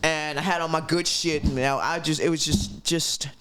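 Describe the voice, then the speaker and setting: A woman's voice: deep voice, steady tone, moderate pace, a bit bright, clean tone. A woman guest on a podcast telling her story vividly and profanely, acting out voices and sound effects. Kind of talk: animated storytelling.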